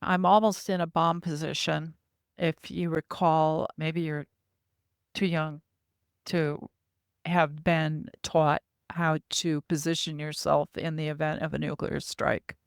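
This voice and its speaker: A woman's voice: sits low, little pitch movement, slow pace, smooth, no room sound. Female guest, earnest vivid storyteller, dry close sound. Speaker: podcast guest. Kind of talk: recounting personal experiences.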